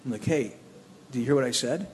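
Man, personal testimony, plainspoken, animated storytelling, roomy hall reverb, faint background hum. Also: medium pitch, quick pace. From Cleveland area. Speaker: speaker telling his testimony.

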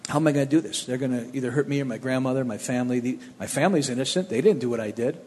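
Speaking rapid-fire, a man from the Cleveland area delivers his personal testimony in a plainspoken, animated style full of restarts. His voice is middle-pitched. A roomy hall lends a long reverb tail, with faint ambience and a little hiss or hum in the background.

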